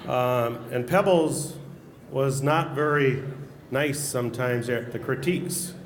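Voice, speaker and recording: A man's voice: medium pitch, slow. A middle-aged man with an Upper Midwest American accent, a former hockey announcer telling funny stories at a banquet. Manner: joking anecdotal storyteller. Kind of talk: storytelling speech at a banquet. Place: banquet hall at a social event. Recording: echoey hall, faint room noise.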